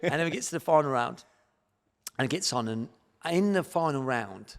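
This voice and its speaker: Man with an English accent telling a lively life story in a reverberant hall. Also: medium pitch, normal speed. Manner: animated storyteller, acts out his own past thoughts. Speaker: guest, martial arts champion. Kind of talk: storytelling podcast interview.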